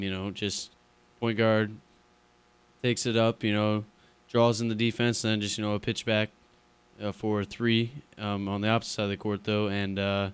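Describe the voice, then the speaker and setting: Smooth, low-voiced young man. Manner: laid-back, hesitant, heavy on "you know" and "um". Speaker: radio show co-host. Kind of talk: casual sports chat.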